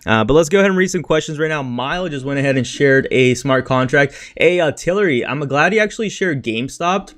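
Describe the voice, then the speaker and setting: This crypto streamer speaks fairly high and expressively, talking fairly quickly with few pauses in a fairly bright tone. He's frustrated and ranting about his trading losses in a blunt, slangy way, leaning heavily on "freaking," "bro," and "dude" during his casual market talk.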